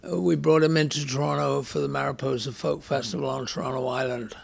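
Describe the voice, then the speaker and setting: A man's voice: mid-range voice, fairly even intonation, quick pace, gravelly, breathy edge. A man in his eighties with an English accent, telling wry anecdotes as a podcast guest and acting out the lines of people in his stories. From England. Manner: anecdotal, wry, with dramatized quotes. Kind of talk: storytelling in a conversation.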